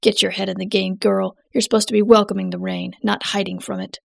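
A woman reading the part of an eccentric older man who summons floods, talking in a gruff, smug and scolding way. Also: mid-range voice, flat delivery, fairly quick, no echo, clean studio sound.

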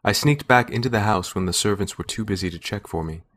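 In a calm, unhurried read, a man narrates a story in the first person. His voice sits fairly low and his pace stays measured and steady, like classic scripted audio fiction.

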